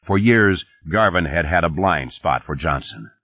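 A man narrating an audiobook in a steady, scripted storytelling style. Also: low voice, measured pace. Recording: dull, dry studio recording.

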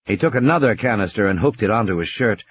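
Male audiobook reader, lively pitch, slightly breathy, dry and muffled studio sound. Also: quick pace, dry recording. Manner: expressive storytelling. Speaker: audiobook narrator. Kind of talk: dramatic audiobook narration.

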